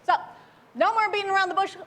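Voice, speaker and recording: A woman's voice: very high-pitched, fairly even intonation, fast, a bit bright. A young woman from Oklahoma giving a casual, upbeat and chatty talk at a tech meetup. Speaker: meetup speaker.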